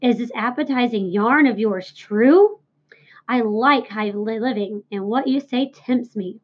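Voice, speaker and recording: Woman doing a greedy grumbling rat. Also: breathy edge. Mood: eager. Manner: low rumbling grumble, slow. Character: greedy rat, grumpy then eager. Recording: dull lo-fi recording.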